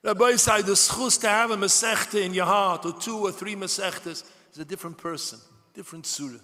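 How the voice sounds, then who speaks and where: Rabbi, male, impassioned preaching with a high, bright voice in an echoing event hall. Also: brisk. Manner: impassioned, building to shouted cries. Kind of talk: sermon at a large gathering. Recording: long hall reverb.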